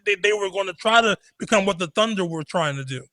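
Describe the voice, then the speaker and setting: A man on a sports podcast, arguing his point in a halting way that repeats words. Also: high voice, animated, pushed and bright, no echo, studio quality. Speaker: podcast panelist. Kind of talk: casual sports chat.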